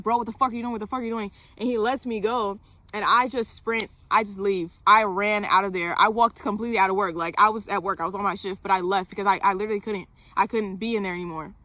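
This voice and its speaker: Young woman vlogging her story, swears a lot, says like constantly, middle pitch. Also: bright, forceful tone, dry recording. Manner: candid, fillers, frequent swearing. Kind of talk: personal storytelling to camera.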